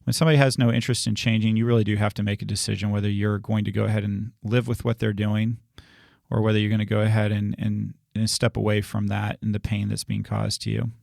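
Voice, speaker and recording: A man speaking as a pastor in a relaxed sermon discussion, earnest and reassuring, often restarting his sentences. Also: on the low side, fast talker, gravelly, no room sound, studio quality.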